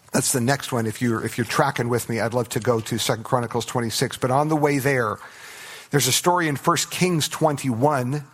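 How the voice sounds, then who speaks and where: A man preaching a sermon, retelling Bible stories with playful acted-out voices for the characters. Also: mid-range voice. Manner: animated storytelling, acts out biblical characters in playful voices. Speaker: pastor.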